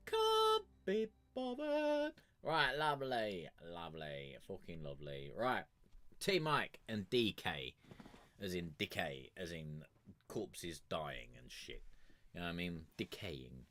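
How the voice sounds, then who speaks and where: A man's voice: sits low, sing-song, a little slow, pushed and bright. A young man, rambling and swearing his way through casual stream chat. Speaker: streamer reviewing music.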